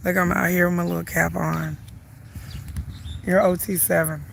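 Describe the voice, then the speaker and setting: A middle-aged woman with a Southern US accent, congested and hoarse from the flu, chatting and rambling as she walks and livestreams in a park. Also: lowish voice, level tone, moderate pace, slight background noise. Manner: chatty, rambling, laughs often. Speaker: vlogger. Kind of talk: casual livestream chat while walking. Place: outdoors at a lake park.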